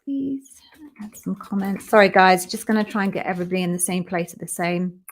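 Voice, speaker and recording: A woman's voice: fairly low pitch, little pitch movement, fast talker, a little hiss or hum. English woman, live-stream host, casual and upbeat, speaking from a home office. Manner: chatty, upbeat, greets viewers by name. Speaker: interview coach hosting a live Q&A. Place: home office with a ring light.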